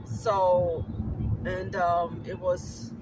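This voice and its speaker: A man's voice: sits high, level tone, extremely slow, noisy background. A man from Liberia with a Liberian accent mixed with American, earnestly rambling to his YouTube viewers while driving, with lots of "you know" fillers. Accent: Liberian English mixed with American. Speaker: YouTube vlogger. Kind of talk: casual vlog talk while driving. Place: in a car on a windy, sunny summer day.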